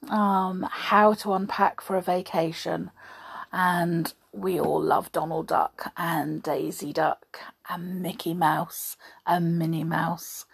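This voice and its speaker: A woman's voice: on the low side, gravelly, slightly rough. A woman reading a children's story aloud, then chatting in a homely way to her listeners. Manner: chatty, homely, laughing asides.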